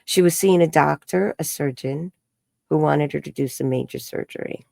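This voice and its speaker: A woman, an energy healer and psychic, telling a story in an interview and acting out the quoted dialogue in a higher voice. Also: normal speed, creaky, no echo, clean studio sound. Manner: acts out quoted dialogue with high bright voices.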